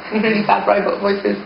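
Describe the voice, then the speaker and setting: A woman's voice: mid-range voice, a little fast, vocal fry. A woman in a band, chatting casually in an interview, often laughing and joking. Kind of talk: casual chat. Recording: muffled, noisy, echoey old recording.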